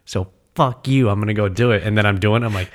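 A man's voice: fairly low pitch, quick pace. A man in casual podcast chat, talking in a defiant, intense way with plenty of swearing. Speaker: podcast co-host.

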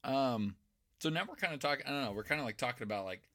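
Bright-voiced young guy telling stories. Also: medium pitch, expressive, fast. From Boise, Idaho. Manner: laid-back storytelling, lots of swearing and laughs. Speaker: podcast co-host. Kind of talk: casual chat.

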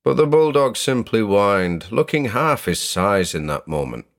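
A deep, low-voiced young Englishman reads a first-person horror story. His delivery is measured and suspenseful, and it builds dread in the quiet passages. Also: sing-song. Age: young adult. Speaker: narrator. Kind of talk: scripted horror narration.

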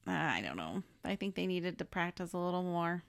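A woman in a relaxed podcast chat about a film. Her voice sits low with a gravelly edge, and her pitch rises and falls a lot as she reacts with wry humor. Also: normal speed, no echo, clean studio sound. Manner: wry, lively reactions with laughs. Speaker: podcast co-host. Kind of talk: casual movie recap chat.

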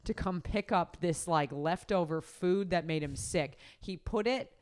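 Casual podcast host, female, deep-set and smooth, chatty and meandering. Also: measured pace, darkish tone. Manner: rambling, filler-heavy, laughs often. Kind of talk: casual storytelling chat. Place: podcast recording setup.

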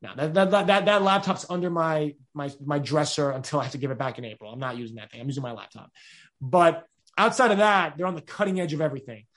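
A young man, answering interview questions in an energetic, rambling way with many restarts. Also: a little high, quick pace. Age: 20s. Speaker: podcast host being interviewed.

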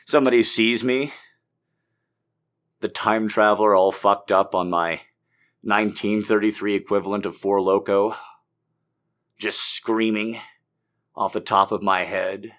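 A man's voice: lowish voice, steady tone, measured pace, long pauses, fairly bright tone. A man delivering a rambling, profane comedic monologue as a podcast host.

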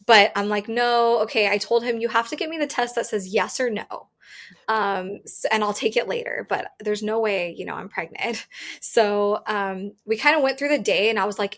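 A woman's voice: a little high, fairly bright tone. A woman in her thirties telling a personal story as an interview guest, candid and chatty, often saying "like" and laughing.

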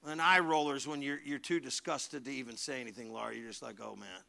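A middle-aged man preaching a sermon as pastor, animated and joking with his congregation, swinging between loud and hushed. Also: medium pitch, fast talker, gravelly. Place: church hall.

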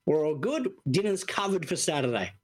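Lively, husky-voiced man telling a story. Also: fairly high pitch, moderate pace. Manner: animated storyteller, acts out quotes, swears freely. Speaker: podcast co-host. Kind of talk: casual chat.

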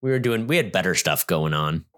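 Laid-back low-voiced man joking. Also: animated, brisk, a bit bright. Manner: laid-back, teasing, laughs often. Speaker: podcast co-host. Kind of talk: casual comedic chat.

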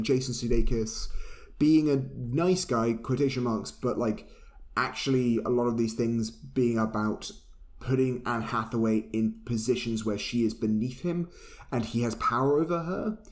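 A man's voice: medium pitch, normal speed, darkish tone. A man co-hosting a podcast, recapping a film in rambling casual chat, swearing freely. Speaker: podcast co-host.

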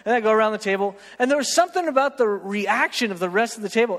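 Male preacher with a high voice, lively self-mocking anecdotes, echoing through a big church hall. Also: fast talker, few pauses. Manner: animated, self-mocking storyteller, keeps asking "right?". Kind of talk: storytelling sermon. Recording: long reverb of a large hall.

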